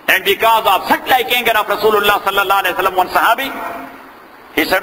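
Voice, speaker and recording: A man's voice: sits high, rapid-fire, pushed and bright, slight background noise. A man teaching a class on Islamic law, repeating points, asking "got it?" and reciting Arabic. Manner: repetitive, drilling, checks understanding with "Got it?". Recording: long reverb in a large room.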